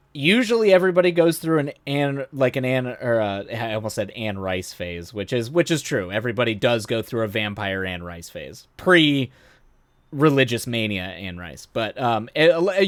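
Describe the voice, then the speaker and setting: A man's voice: mid-range voice, no echo. A man hosting a live stream, chatting loosely with viewers, often trailing off, restarting sentences and laughing at his own stories. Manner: rambling, self-interrupting, laughs often. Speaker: streamer host. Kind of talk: casual live-stream chat.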